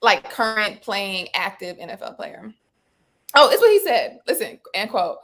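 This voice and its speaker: A woman co-hosts a live talk show in a relaxed, chatty way. She talks with animation, throws in slang and quick asides, and keeps an easy conversational flow. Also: mid-range voice. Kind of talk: casual chat.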